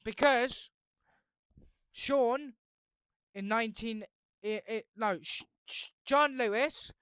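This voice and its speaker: A woman hosting her channel, rambling through made-up band lore with stammering restarts, swinging between mumbling and loud exclaiming. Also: medium pitch, clean tone, no echo, studio quality. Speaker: channel host.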